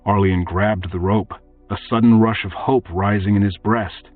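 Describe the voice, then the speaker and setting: A man narrates a fantasy audiobook in a steady, measured way. His low voice is husky. The sound is tinny and phone-like, as if heard from a distance, with faint music behind.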